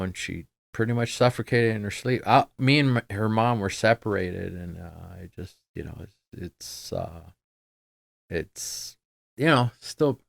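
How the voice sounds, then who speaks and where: A middle-aged man with a low, gravelly voice talks as a podcast guest. He speaks in a halting, subdued way, trailing off into fillers. The sound is close and dry, with no room around it. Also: no room sound. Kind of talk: casual conversation.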